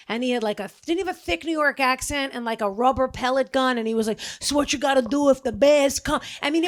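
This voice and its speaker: A middle-aged actress speaking in a voice a little higher than usual. She answers questions on a live stage. She is chatty and jokey, with lots of filler words. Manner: animated, quick jokes, lots of "like". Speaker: actress and guest.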